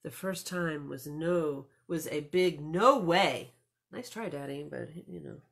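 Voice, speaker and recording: A woman librarian reading a picture book aloud to children, expressive and storytelling, with chatty asides. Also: low-pitched, slow, gravelly, husky.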